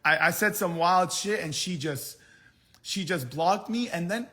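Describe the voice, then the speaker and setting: A man's voice: high voice, measured pace, sharp tone. A young man on a phone live stream who rants with agitation, swears often and keeps repeating himself. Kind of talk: casual live-stream rant.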